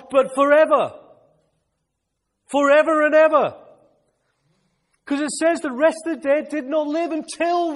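Man, preacher, fervent sermon, repeats phrases, very high pitch, long hall reverb. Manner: fervent, repeats phrases, shouts when excited.

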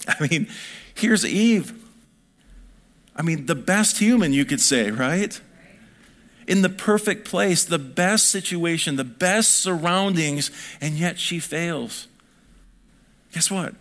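Gravelly-voiced man preaching. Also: a little high, lively intonation, slow pace, pauses often, fairly bright tone. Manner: conversational preaching, rising to emphatic peaks. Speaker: pastor. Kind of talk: sermon.

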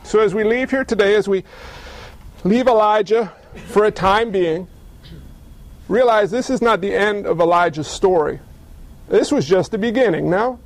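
A man's voice: high voice, normal speed, pauses often, low-quality recording. A man preaching a sermon as pastor, conversational and emphatic, with playful asides.

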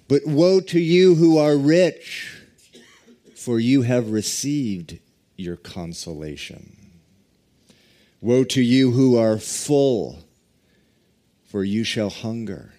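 A man preaching a sermon, reading scripture and praying with deliberate, drawn-out emphasis. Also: medium pitch, animated, mellow. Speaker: pastor.

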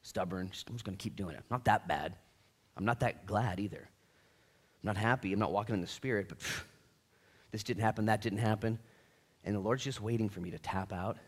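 Man preaching, pastor, animated pitch swings, energetic, casual slang, loud to hushed. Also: fairly quick. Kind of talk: sermon.

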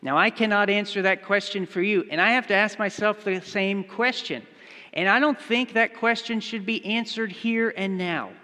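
A man's voice: sits high, normal speed, bright, forceful tone, in a large hall. A man preaching a sermon, telling a story and speaking its quoted lines in his own voice. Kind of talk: sermon with acted-out illustration.

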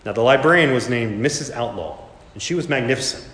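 A man's voice: mid-range voice, animated, fast talker, a bit bright. A man preaching a sermon, telling a story with dramatic rises and voicing the characters in it. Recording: echoey hall, reverberant room.

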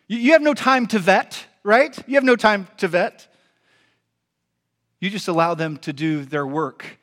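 A man's voice: high voice, a little slow, fairly bright tone. A man, a pastor, preaching a sermon in a conversational, emphatic way with rhetorical questions.

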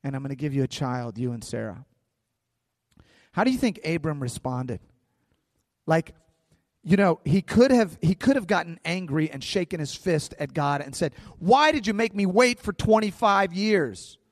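A man preaching a sermon as pastor, animated, acting out quoted voices along the way. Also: on the high side, moderate pace, long pauses, dry recording, clean studio sound, big-room sound.

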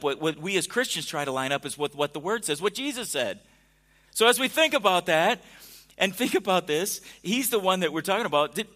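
A man's voice: fairly high pitch, sharp tone. A man preaching a sermon in a conversational way, asking his listeners questions. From United States. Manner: conversational, asks the audience questions. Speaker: pastor.

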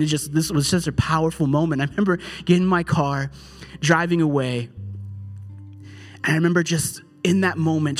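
Pastor pregando com voz meio aguda. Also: male voice, fairly high pitch. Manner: conversational storytelling with animated asides. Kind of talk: sermon.

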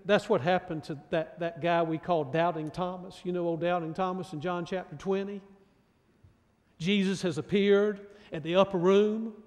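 High-voiced preaching man in a reverberant hall. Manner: emphatic preaching with repeated restarts. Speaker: pastor. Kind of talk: sermon.

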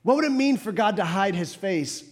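A man delivers a sermon from the pulpit, his voice sitting noticeably high for a man. He swings between fervent, pressing emphasis and soft, hushed passages. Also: animated, normal speed. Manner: rises to fervent emphasis, drops to hushed tones. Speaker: pastor.

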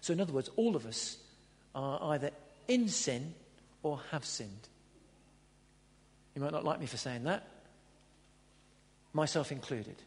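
Guy preaching, high voice, long echo off the hall walls, earnest, goes loud then drops quiet. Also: lively intonation, a little slow, pauses often. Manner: earnest, swings from loud emphatic lines to low quiet ones. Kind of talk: sermon.

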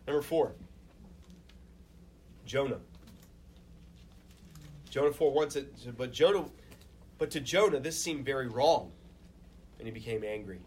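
A man's voice: mid-range voice, slight background noise, poor audio. Conversational male pastor preaching. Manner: conversational, acts out quoted voices. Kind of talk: sermon.

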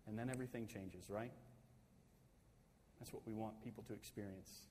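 A male pastor preaching a sermon, swinging from loud, emphatic peaks down to soft, quiet pleading. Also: fairly low pitch, moderate pace, pauses often, a little hiss or hum. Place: church sanctuary. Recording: long hall reverb.

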